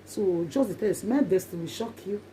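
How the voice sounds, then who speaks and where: A woman's voice: mid-range voice, animated, a little fast, warm tone, a little hiss or hum. A woman with a Nigerian accent talking casually to her viewers in a vlog, emphatic and repeating herself often. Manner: emphatic and repetitive, in Pidgin English. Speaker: vlogger.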